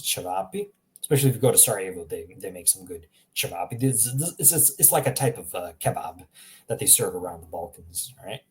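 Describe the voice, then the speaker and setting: A man giving a casual spoken language lesson, explaining sounds with self-aware humor and repeating them slowly to demonstrate. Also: lowish voice. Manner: chatty, self-aware explaining with little laughs. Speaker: language teacher.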